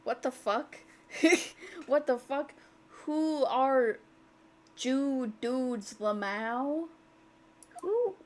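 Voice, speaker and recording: A woman's voice: sits high, lively intonation, extremely slow, long pauses, a little mellow. A woman streamer giving casual, chatty commentary while playing a game, laughing, swearing and reading dialogue aloud.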